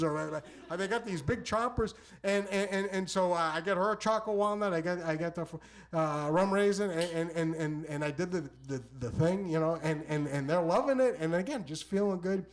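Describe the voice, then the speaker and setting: A man with a notably high voice tells a comic story to a live theater crowd. He rambles, stacks up repeated words and restarts, and punches his lines with animated bursts. He speaks into a stage microphone. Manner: animated, exclamatory delivery. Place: small theater stage before a live audience.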